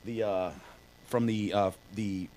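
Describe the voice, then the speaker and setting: A man's voice: on the low side, fairly even intonation, slow pace, a little mellow, slight background noise, rough recording. A man co-hosting a podcast in casual chat, telling stories loosely with lots of fillers and swearing. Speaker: podcast co-host.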